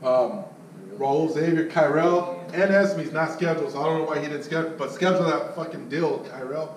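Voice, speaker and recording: A man leading his sales team in a loud, blunt, profane pep talk. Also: a little high, fairly quick, a crowd in the background. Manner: loud, blunt, swearing, mocks others in put-on voices. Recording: echoey, distant mic with faint noise.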